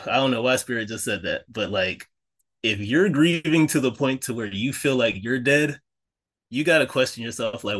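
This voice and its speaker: A man's voice: fairly low pitch, a bit bright. A man co-hosting a podcast in a casual, earnest way, encouraging listeners with faith-driven talk and many fillers and self-corrections. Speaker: podcast co-host.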